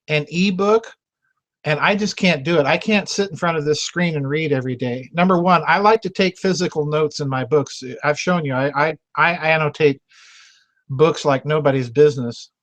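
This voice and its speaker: A man's voice: on the high side, normal speed, a bit bright. A man hosting a members' video chat, talking casually, laughing often and repeating himself as he goes. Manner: chatty and self-mocking, laughs often, repeats words.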